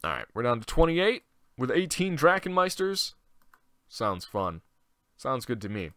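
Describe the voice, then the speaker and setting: Young male gaming host, bright, forceful voice; loose, profane, thinks out loud. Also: medium pitch, big pitch swings, a little slow, no room sound. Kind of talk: casual let's-play commentary.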